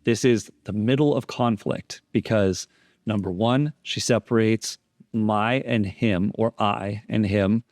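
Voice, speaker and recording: A man's voice: fairly low pitch, slow pace, a little mellow, dry recording, studio quality. A man instructing on deception analysis, explaining interrogation footage in a methodical way and repeating key phrases for emphasis.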